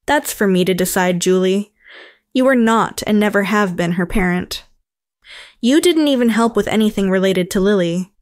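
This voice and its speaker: A woman's voice: medium pitch, normal speed, dry recording, clean studio sound, natural voice. A woman voicing a firm, fair-minded father who demands answers in a narrated story. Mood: stern. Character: stern fair-minded middle-aged father.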